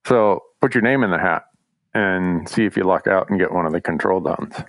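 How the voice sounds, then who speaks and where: A relaxed man co-hosting a hunting podcast, talking in easy, loose conversation. His voice sits on the low side and the sound is dry and close, with no room around it. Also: fairly quick, dry recording. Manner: laid-back, chuckles often. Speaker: podcast co-host. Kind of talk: casual chat.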